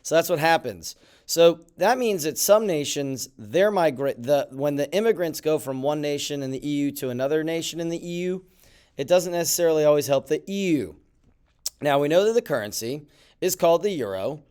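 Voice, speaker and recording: A man's voice: on the high side, animated, a little fast, a little mellow, smooth. A male teacher going over guided notes in a recorded classroom lesson, talking animatedly with mock-surprised asides. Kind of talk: classroom lecture video.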